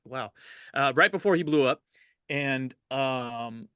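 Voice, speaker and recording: A man's voice: medium pitch, slow pace, pushed and bright, smooth, dry recording, clean studio sound. A middle-aged man, a DJ, telling stories in a casual interview, laid-back and laughing often, livening up when he quotes people. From Los Angeles. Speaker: DJ, interview guest.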